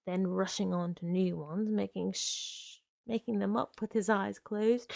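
A woman reading a short story aloud in a measured, unhurried way. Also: mid-range voice, vocal fry, a little mellow, dry recording. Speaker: reader.

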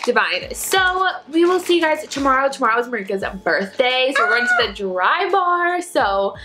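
Bubbly young woman vlogging, fairly high voice. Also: sing-song, moderate pace, rough recording. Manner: bubbly, chatty, says "literally" and "like" often. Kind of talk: casual vlog chat. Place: out and about in a city, then indoors at home. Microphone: handheld camera. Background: loud background music.

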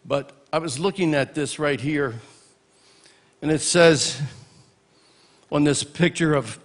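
Older man telling warm stories at a memorial. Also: a little high, slow pace. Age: 60s. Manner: storytelling, punctuated with exclamations of praise. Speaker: minister giving a eulogy. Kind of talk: memorial tribute speech with humorous anecdotes. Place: church memorial service.

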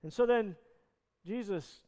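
A man with a high voice preaches to his congregation, retelling a scripture story in plain, earnest words. His voice rings out with a long reverb from a church hall. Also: slow pace, a little mellow. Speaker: pastor. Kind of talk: sermon. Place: church sanctuary.

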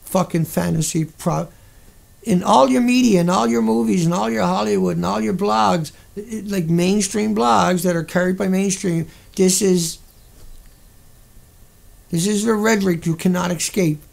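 Gravelly, indignant male stream host. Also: sits high, normal speed, darkish tone. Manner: indignant, profane, rambling. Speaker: livestream host. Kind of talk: angry livestream rant.

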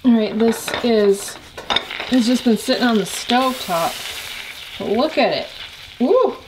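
A woman vlogging in a small cabin, relaxed and unhurried, sometimes dropping to a whisper and talking softly to her dog. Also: on the high side, background noise. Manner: drops to a whisper at times. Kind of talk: casual vlog narration. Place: small off-grid wooden cabin, indoors.

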